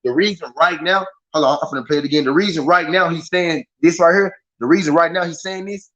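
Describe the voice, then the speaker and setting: A man with a Southern American accent hosting a casual boxing livestream, talking to his chat in an animated, repetitive way. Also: a little high, fast talker. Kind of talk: casual live commentary. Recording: slightly dull lo-fi stream audio.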